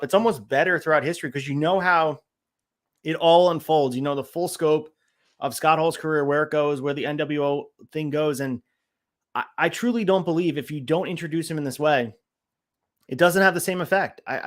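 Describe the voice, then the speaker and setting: A man on a casual podcast with a voice pitched a little above the usual. He works through his notes one point after another in an even, methodical way. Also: normal speed. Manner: methodical, walks through notes on each segment. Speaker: podcast co-host.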